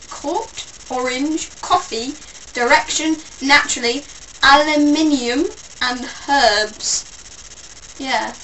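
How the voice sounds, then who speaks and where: A woman's voice: sits high, fairly bright tone. Chatty, self-mocking young British woman. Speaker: vlogger. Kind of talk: casual chat to camera. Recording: distant mic with faint background noise.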